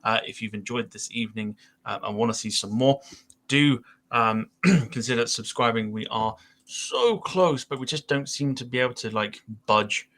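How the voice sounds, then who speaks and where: A man hosts a laid-back podcast with a bright, forceful tone. His speech rambles along with frequent fillers like "um" and "uh", and he keeps the chat loose and friendly. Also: mid-range voice, normal speed. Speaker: podcast host.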